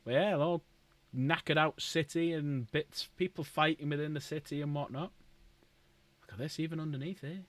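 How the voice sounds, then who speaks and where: A man's voice: fairly high pitch, steady tone, normal speed. A man streaming casually, chatting and rambling to viewers while building models. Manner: rambling, chatty, talks to chat.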